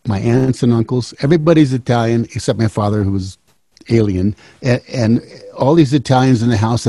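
Husky, warm-voiced storyteller in his seventies. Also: medium pitch, dry recording. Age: 70s. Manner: rambling, wry, with restarts. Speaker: musician and storyteller. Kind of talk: casual storytelling.

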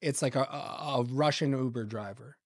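A man's voice: mid-range voice, moderate pace, dry recording, clean studio sound. A man as a podcast guest, telling a personal story in casual chat and acting out what his friends said. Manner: animated anecdote-telling, mimics friends' lines.

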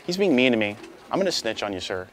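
A man's voice: mid-range voice, sing-song, quick pace, a bit bright, a little hiss or hum. A young man hosting a prank video, talking casually and pleading in a playful, provocative way.

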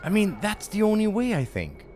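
Casual let's-play guy, frustrated and rambling, animated delivery, audible hiss behind. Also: high-pitched, normal speed. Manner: exasperated, rambling, repeats himself. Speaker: gameplay commentator.

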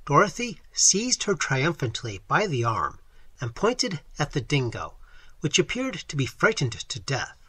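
A man's voice: a little high, huge pitch swings, a little slow, bright, forceful tone, slightly rough, dry recording. A man reading a story aloud as audiobook narrator, telling it expressively. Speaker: audiobook reader. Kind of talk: scripted narration.

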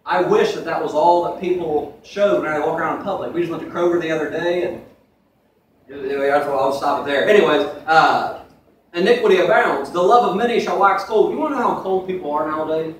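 A man's voice: on the high side, fairly quick, slight background noise. A young man preaching a sermon in a conversational way, with asides, in a church sanctuary. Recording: echoey room from far off.

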